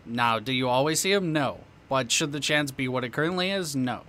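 A man co-hosting a casual gaming podcast, relaxed and joking, full of "bro" and "like.". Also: medium pitch, brisk. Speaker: podcast co-host.

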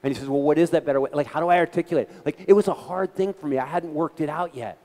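A middle-aged man giving an animated, conversational talk to a gathering, telling stories with quoted voices and frequent restarts. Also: fairly high pitch, quick pace, long reverb tail. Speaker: guest speaker. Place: meeting hall.

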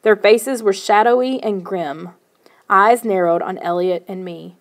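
A woman narrating a first-person children's novel in a steady storytelling manner. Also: mid-range voice, unhurried. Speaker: audiobook narrator.

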